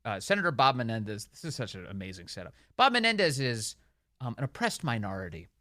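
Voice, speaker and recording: A man's voice: medium pitch, very animated, fast talker, sharp tone, dry recording, studio quality. A man hosting a talk radio show, delivering opinionated commentary in a sarcastic, mocking way and laughing often.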